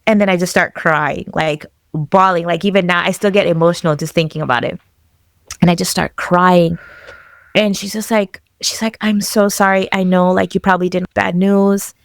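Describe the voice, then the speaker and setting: A woman's voice: fairly low pitch, moderate pace, gravelly, dry recording, studio quality. A woman guest telling a personal story with emotion, acting out the dialogue as she goes. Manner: animated, acts out dialogue in quotes. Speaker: podcast guest.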